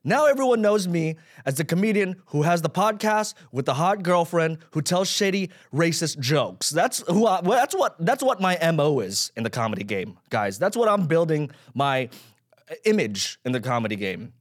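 On his own podcast, a man in his 30s rants casually about himself, rambling, swearing, and poking fun at himself. His voice is on the high side with big pitch swings at a normal speed.

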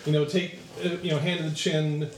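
A man's voice: on the high side, level tone, brisk. A man narrating as game master of a tabletop game, rambling with many fillers. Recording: echoey room with faint noise.

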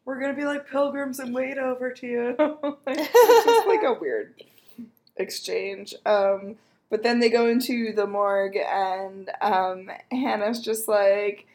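A woman's voice: a little slow, a little mellow. A woman co-hosting a podcast, casually recapping a TV episode and laughing as she mimics the characters. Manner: giggly, acts out characters' lines with pitch jumps. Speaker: podcast co-host.

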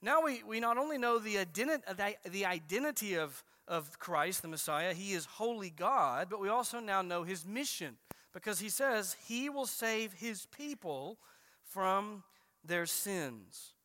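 A man preaching a sermon as a pastor, stressing key phrases slowly and emphatically. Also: high voice, lively intonation, bright, forceful tone. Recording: reverberant hall.

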